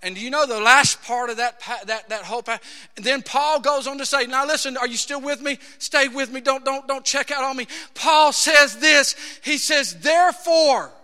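A man preaching a sermon. He swings from hushed, low passages to shouted, drawn-out climaxes. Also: steady tone. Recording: long hall reverb.

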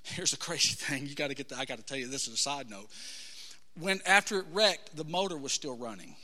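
A middle-aged man preaching a sermon, telling his story with passion and swinging from hushed to shouting. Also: mid-range voice, a little fast. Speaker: pastor. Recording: hall reverb.

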